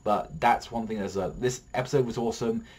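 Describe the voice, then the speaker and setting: A man talks through an anime episode in loose, excitable review style. His voice sits a little low and has a husky grain. He swears freely and strings his thoughts together with constant "like"s. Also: brisk. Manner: rambling, excitable, heavy swearing and filler "like".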